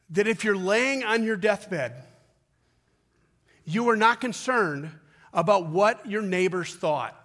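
Male pastor, high-pitched, delivering a sermon with dramatic pauses and rising emphasis. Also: fairly bright tone. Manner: retells a story with quick asides.

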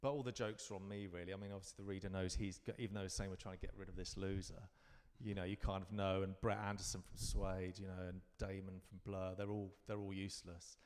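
A man in his fifties from London, chatting as a guest in a live interview. He tells reflective, wandering stories, often restarting his sentences, in a low voice. A long reverb from the venue trails behind him. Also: little pitch movement, quick pace, hardly any pauses. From London, England. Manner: rambling, reflective storytelling with frequent restarts. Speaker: guest performer.

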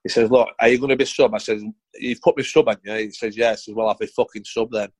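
A man's voice: mid-range voice, fairly even intonation, quick pace, no echo, poor audio. A middle-aged man, a former footballer telling blunt, sweary stories in a casual interview. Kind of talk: casual anecdotal storytelling.

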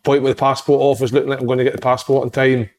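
A man co-hosting a podcast, joking and swearing in lively casual banter. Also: medium pitch, very fast. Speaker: podcast co-host.

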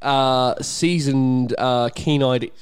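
A man co-hosting a podcast, playful and animated in casual banter. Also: mid-range voice, drawn-out words, clear, resonant tone. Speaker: podcast co-host. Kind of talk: casual chat.

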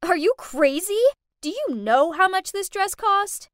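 A snobby, cruel rich girl sneering and snapping, as a woman narrator puts her on. Her high voice is loud and haughty. The sound is close and dry. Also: big pitch swings, a little slow, dry recording. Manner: haughty, shouting.

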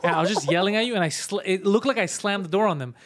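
A man hosting a comedy podcast, rattling off casual banter at a fast clip in a slightly high voice. He swears constantly, and his stories build into heated rants. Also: a bit bright.

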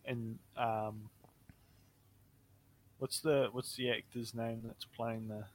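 A man's voice: mid-range voice, little pitch movement, slow pace. A young man co-hosting a casual podcast chat, joking and often trailing off mid-sentence. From New Zealand. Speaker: podcast co-host.

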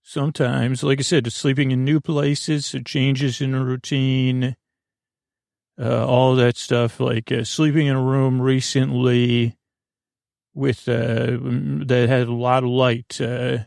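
A man hosting a sleep podcast, rambling gently through a meandering bedtime monologue with frequent restarts. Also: mid-range voice, flat delivery, slow, vocal fry, no echo, studio quality. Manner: meandering, hesitant, with many restarts; soft and soothing.

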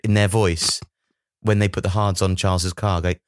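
A man's voice: deep voice, level tone, moderate pace, no echo, clean studio sound. A man co-hosting a podcast in casual comedic chat, wry and rambling with sarcasm. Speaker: podcast co-host.

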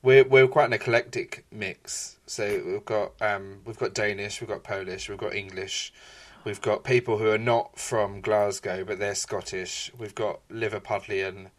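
A man chatting casually on a podcast, tossing in quick quips and curious questions. His voice sits a little low for a man. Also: fairly even intonation. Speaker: podcast co-host. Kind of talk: casual chat.

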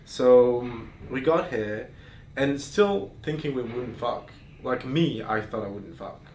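A mid-range, slightly mellow male voice, expressive and unhurried, belongs to a podcast host recounting explicit stories candidly. His casual talk is thick with fillers and restarts. The sound is roomy and distant, with faint noise.

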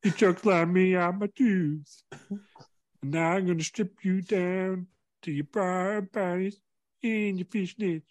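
A man putting on the voice of a battered, vengeful old wrestler, shouting in a high, strained, drawn-out way. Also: fairly even intonation, no echo. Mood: snarling.

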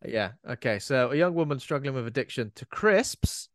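A man's voice: mid-range voice, animated, moderate pace, no echo, clean studio sound. A man co-hosting a podcast, trading playful jokes in casual chat. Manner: jokey, playful banter. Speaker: podcast co-host.

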